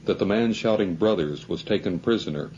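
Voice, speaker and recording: A man reading a novel aloud as scripted narration, in a measured way. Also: low-pitched, mellow, muffled recording, slight background noise. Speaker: audiobook narrator.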